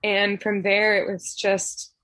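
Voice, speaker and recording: Soft-spoken woman sharing heartfelt memories. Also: medium pitch, little pitch movement, slow, no room sound. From Tennessee. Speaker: memorial speaker. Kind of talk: heartfelt personal remembrance.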